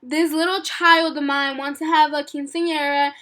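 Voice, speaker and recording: A woman's voice: sits high, fairly even intonation, natural voice. A young woman voicing her frantic mother, who rattles off worried questions and slips into Spanish. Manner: rapid, exasperated, switching into Spanish. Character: frantic mother panicking over a party. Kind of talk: acted quote in a vlog story.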